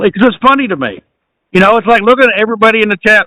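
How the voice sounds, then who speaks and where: A man hosts a casual podcast, easygoing and quick to laugh, with plenty of swearing. His voice sits high and bright, recorded dry with no room sound. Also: dry recording, low-quality recording. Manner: laid-back, laughs often, swears. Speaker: podcast host. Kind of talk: casual chat.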